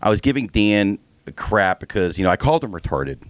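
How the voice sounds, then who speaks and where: A man's voice: lowish voice, very animated, a little fast, no echo. Teasing podcast co-host man, dry sound. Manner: joking, teasing, restarts a lot. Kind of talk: casual chat.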